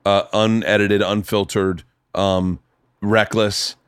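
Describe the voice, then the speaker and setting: A man hosting a podcast in casual chat, talking in a rambling, animated and profane way. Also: lowish voice, slow pace, clean tone, no echo, studio quality. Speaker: podcast host. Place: home studio.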